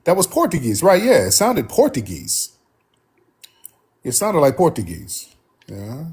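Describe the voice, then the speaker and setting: A man's voice: on the high side, huge pitch swings, measured pace, darkish tone, husky. A man hosting a live call-in stream, talking loosely and drawling to the room and his callers. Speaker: host.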